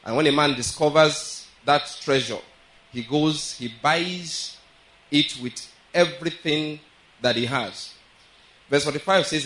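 Male pastor, slightly high voice, sermon delivery, reads verses slowly, often checks that listeners follow. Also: fairly bright tone, rough recording. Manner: reads scripture aloud slowly with stress.

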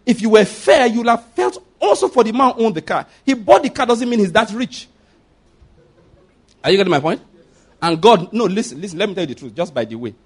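A man preaching a sermon as pastor, emphatic, often asking the congregation if they follow and swinging between loud and hushed delivery. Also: high-pitched, big pitch swings, a little fast, slightly rough.

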